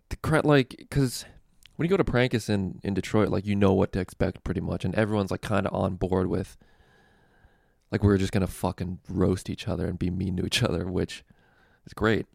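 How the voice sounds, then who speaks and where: A man's voice: low voice, vocal fry, a little mellow, no room sound, studio quality. A young man casually telling a story with lots of fillers, swearing and laughter, hosting a comedy podcast. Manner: laid-back, profane, lots of fillers and laughs.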